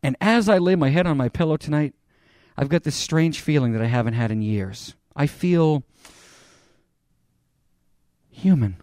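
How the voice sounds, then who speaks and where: A man preaches a sermon in an earnest, conversational way and talks straight to his congregation. His voice sits a little high for a man. The recording is dry and close, with no echo. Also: animated, a little slow, long pauses, dark tone. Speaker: pastor.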